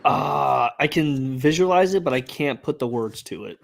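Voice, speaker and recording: A man's voice: mid-range voice, expressive, moderate pace, gravelly. Rambling man thinking aloud. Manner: thinks aloud with many fillers. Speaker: trivia contestant and co-host. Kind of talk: casual live-stream chat.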